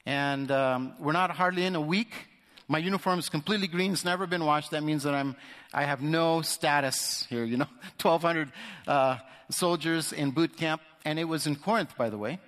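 A man's voice: a little high, normal speed, a bit bright. A man sharing a personal testimony as a guest speaker in church, telling the story vividly and acting out the voices of the people in it. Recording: echoey hall reverb.

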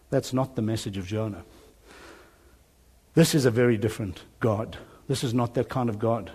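A man preaching a sermon, telling a Bible story with animated storytelling and voiced dialogue, chuckling now and then. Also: medium pitch, husky. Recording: long hall reverb.

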